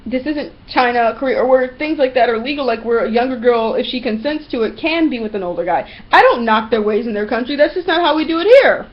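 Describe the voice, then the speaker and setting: A fairly high-voiced young woman talks straight to camera from a room at home, ranting about her pet peeves in blunt, swear-heavy, animated bursts. The sound is dull and lo-fi, typical of an old webcam recording. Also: fast talker, hardly any pauses. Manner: blunt, profane, animated storytelling. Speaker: vlogger. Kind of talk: casual ranting monologue to camera.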